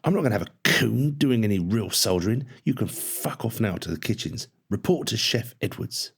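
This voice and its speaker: A man's voice: mid-range voice, sing-song, normal speed, a bit bright, breathy edge, voice pushed up, exaggerated voice. A man voicing a harsh, bullying army drill sergeant who barks and sneers at his cadets. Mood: low, menacing. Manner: barking, abusive and menacing.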